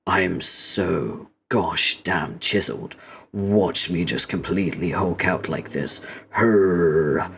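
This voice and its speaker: A man's voice: low-pitched, expressive, slow, creaky, a bit bright, slight background noise, full character voice. A man voicing a crude, pushy male robot who brags nonstop about his muscles. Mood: boastful pushy. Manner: insistent, crude bragging.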